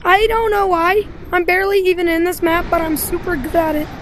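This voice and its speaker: A woman's voice: very high voice, flat delivery, a little fast, slight background noise. A young woman casually commenting on her VR gameplay, chatty and rambling with lots of fillers, into a headset mic. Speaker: gaming YouTuber.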